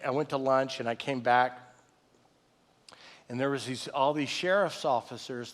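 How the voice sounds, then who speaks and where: A middle-aged man preaching a sermon with conversational storytelling, swinging from loud excited retelling to soft low tones. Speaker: pastor. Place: church sanctuary. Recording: long reverb of a large hall.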